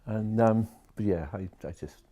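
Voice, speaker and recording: A man's voice: on the low side, measured pace, warm tone. A man, a social care worker telling a story to camera and retelling each conversation line by line.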